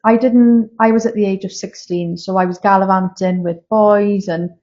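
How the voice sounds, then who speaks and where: A woman's voice: medium pitch, steady tone, normal speed, a little mellow. A woman in her thirties, a guest medium, telling candid and emotional personal stories in a casual interview. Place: castle room, filmed live. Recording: slightly dull lo-fi sound.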